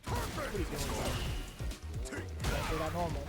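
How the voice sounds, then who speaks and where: Hype fighting game caster, high lively male voice, music under. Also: a little slow. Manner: excitable, laughs often, slangy banter. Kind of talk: live esports commentary.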